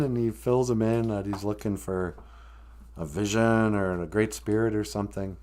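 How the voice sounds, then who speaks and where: A man's voice: lowish voice, fairly even intonation, normal speed, darkish tone. Chatty man telling a funny story. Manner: chatty, lots of asides and chuckles. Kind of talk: casual comic storytelling.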